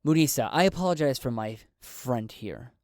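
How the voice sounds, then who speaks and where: A man narrating a solo tabletop game and voicing a calm, persuasive male rebel who negotiates diplomatically. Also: medium pitch, no room sound, studio quality, close to an everyday voice. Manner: measured, diplomatic.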